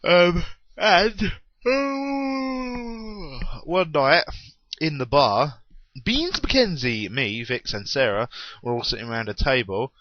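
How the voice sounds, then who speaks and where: A man's voice: mid-range voice, lively intonation, unhurried, few pauses, dry recording. Young guy rambling on about his trip, jokey and over the top, kinda muffled dry mic. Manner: rambling, self-deprecating, exaggerating. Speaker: gaming vlogger. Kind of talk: unscripted rambling vlog.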